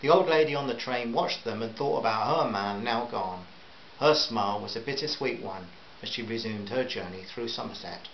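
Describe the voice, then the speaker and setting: A man reading a novel aloud at a measured pace with small stumbles, in a roomy, slightly dull recording with faint hiss. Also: mid-range voice. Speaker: audiobook narrator.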